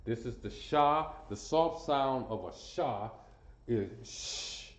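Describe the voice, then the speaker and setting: A man's voice: medium pitch, lively intonation, slow. A man teaching a class in front of a board, drilling sounds aloud, repeating phrases and quizzing his students. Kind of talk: classroom lesson. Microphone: camera he sometimes walks away from. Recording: roomy, muffled sound.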